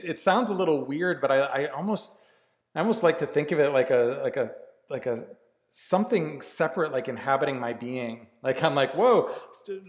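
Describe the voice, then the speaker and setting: A man who works as a life coach gives a candid, earnest motivational talk, swearing freely and often restarting his sentences. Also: fairly high pitch. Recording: echoey room with long reverb.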